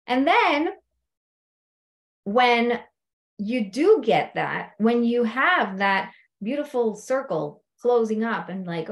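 A woman coach telling stories from her clients in an animated, conversational way, often checking in with her listeners. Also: on the high side, slow. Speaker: life coach. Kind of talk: storytelling coaching talk.

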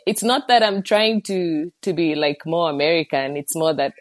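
Woman guest, lowish voice, loose chatty delivery, close dry recording. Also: moderate pace, no room sound. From Kenya. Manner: relaxed, laughs easily, hedges with "like". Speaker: book club guest. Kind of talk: casual discussion.

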